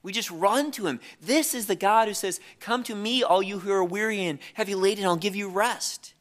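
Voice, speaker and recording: Male preacher, earnest sermon delivery, bright and fairly high voice, stumbles and repeats words. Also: moderate pace. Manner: earnest, repeats words when restarting, reads scripture aloud.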